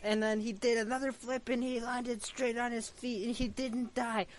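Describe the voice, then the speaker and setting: A man's voice: very high-pitched, flat delivery, moderate pace, slight background noise. A man telling an improvised, rambling story full of stammering restarts.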